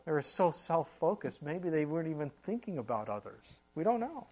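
A man's voice: on the high side, very animated, brisk, warm tone, breathy edge, highs cut off. A middle-aged man preaching a sermon in a conversational way, with asides and sudden emphatic rises. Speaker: pastor.

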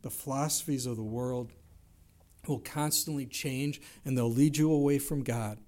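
A middle-aged man preaching a sermon, telling stories in an animated way and jumping his voice up for quoted lines. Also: mid-range voice, moderate pace. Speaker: pastor.

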